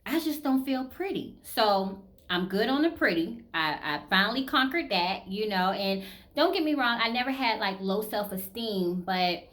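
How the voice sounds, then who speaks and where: A woman's voice: mid-range voice, animated, normal speed, a bit bright. A woman in her thirties from the American South with a Southern accent, talking candidly and casually to her viewers, full of "you know" and "like.". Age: 30s. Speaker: vlogger. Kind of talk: casual personal chat to camera.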